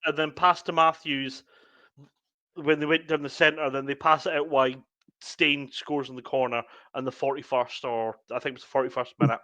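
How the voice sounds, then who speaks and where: A man's voice: medium pitch, fairly even intonation, normal speed, pushed and bright, no room sound. A man, co-hosting a casual podcast and walking through match moments step by step. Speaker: podcast co-host. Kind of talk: casual sports chat.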